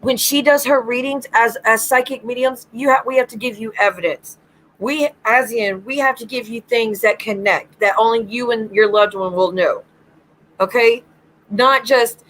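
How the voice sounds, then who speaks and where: A woman's voice: fairly high pitch, moderate pace, a bit bright, rough recording. A woman hosting a livestream as a psychic medium, ranting bluntly and swearing freely.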